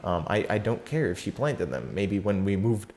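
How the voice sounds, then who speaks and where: A teenage boy with a fairly low voice tells a story in a loose, rambling vlog style. He stumbles through restarts and fillers and drops in slang. A faint hiss of background noise sits under his voice. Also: very animated, normal speed, a little mellow. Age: teenager, fourteen. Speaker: YouTuber telling a story.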